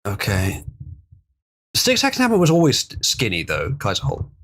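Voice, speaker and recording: A man's voice: medium pitch, wildly swooping pitch, normal speed, gravelly, fairly bright tone. A man hosting a casual livestream, chatting loosely with chuckles as he reads out viewer donations. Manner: rambling, chuckling, reading out donations. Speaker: livestream host.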